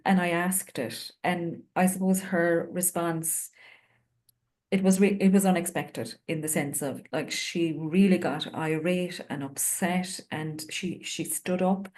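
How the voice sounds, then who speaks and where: An Irish woman with a low voice tells a story from her work as a home visitor. She speaks earnestly and reflectively, pausing on fillers as she goes. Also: a little mellow. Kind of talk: panel discussion storytelling.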